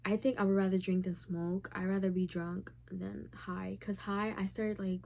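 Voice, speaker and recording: A woman's voice: mid-range voice, little pitch movement, normal speed, vocal fry, darkish tone. A young woman of Puerto Rican heritage answering viewer questions in a casual, candid vlog, talking freely and filling her sentences with "like". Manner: candid and chatty, heavy use of "like". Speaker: YouTuber.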